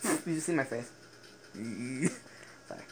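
A teenage boy giving excitable gaming commentary, swearing and laughing often. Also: medium pitch, takes it slowly, creaky, rough recording. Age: teens. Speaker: gaming YouTuber. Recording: game music playing behind the voice.

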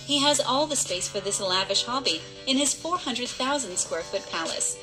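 A woman with a slightly high voice reads a scripted countdown narration. She teases with rhetorical questions throughout. Loud music runs under her voice in the played clip. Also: animated, normal speed, low-quality recording. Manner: teasing, rhetorical. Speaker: video narrator.

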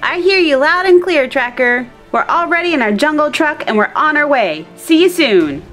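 Woman doing a steady boy rescue leader. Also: high-pitched, moderate pace, over music. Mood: reassuring. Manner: steady, giving orders. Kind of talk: toy play-acting.

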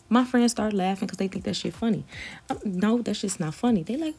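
A woman's voice: mid-range voice, brisk, gravelly, warm tone, slightly rough. Brash, profane woman from Detroit. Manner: brash, profane, chatty, addresses viewers as y'all. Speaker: hairstylist vlogger. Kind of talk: casual storytime while doing a wig tutorial.

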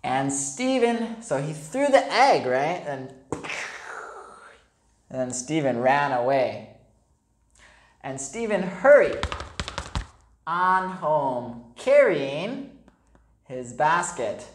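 A woman, an English teacher, reading a picture book aloud to young children, slow and animated, explaining words and adding sound effects. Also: deep voice, roomy sound, a little hiss or hum.

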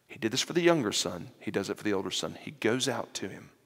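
A man giving an animated sermon-style lecture, retelling a parable and voicing its characters, with fillers and restarts. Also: on the low side, fast, breathy edge. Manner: animated, acts out the parable's characters in quoted voices. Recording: long hall reverb.

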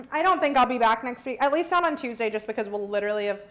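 A woman's voice: fairly high pitch, quick pace. A young woman hosting a live cooking stream, chatting casually and teasing her partner with frequent laughs. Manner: playful, laughs often, teasing. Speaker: cooking show host.

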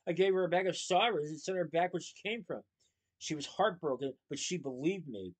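A man's voice: a little high, a little fast, natural voice. Guy doing snarly smug villain from a storybook read-aloud, sneery and mean. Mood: sneering. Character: smug wicked rich man villain.

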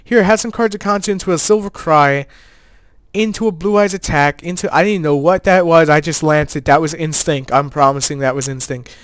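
A man's voice: fairly high pitch, a little fast, dry recording. Laid-back man commenting on his card game. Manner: joking, laid-back, gamer slang. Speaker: player and channel host.

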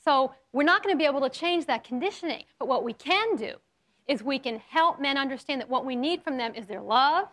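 A woman hosting a studio talk show, coaching her audience in a lively, playful way with acted examples. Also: high voice, a little fast. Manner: animated, coaching, playful role-play demos.

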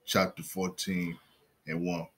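Low husky guy, halting, lots of uh and you know, chatting about scripture with his wife. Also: little pitch movement, fairly bright tone. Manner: halting, full of fillers. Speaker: co-host, husband. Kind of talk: casual Bible discussion.

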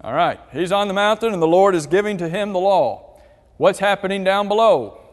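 A man with a high-pitched voice leads a church Bible class, asking the group questions and reading scripture passages aloud. His voice rings with a long reverb in a large hall. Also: moderate pace.

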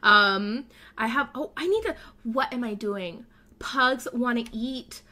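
A young-sounding woman talks her way through a game as casual commentary, her voice bright and crisp and pitched a little high. She rambles and thinks aloud, and often breaks into gasps and delighted squeals. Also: takes it slowly. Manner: excitable, gasping and squealing with delight. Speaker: let's play host.

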